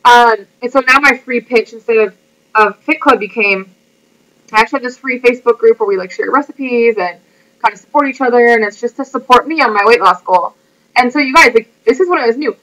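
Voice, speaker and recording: A woman's voice: fairly high pitch, brisk, a bit bright, poor audio. A woman who works as a fitness coach, talking in an earnest, emotional, chatty way in a motivational vlog, full of "like".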